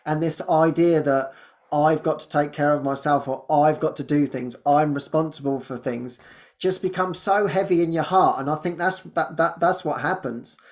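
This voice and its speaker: Male podcast host, casual spiritual chat, stumbles and repeats words, frequent laughs. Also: on the high side. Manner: halting, repeats words and restarts often; laughs often while talking.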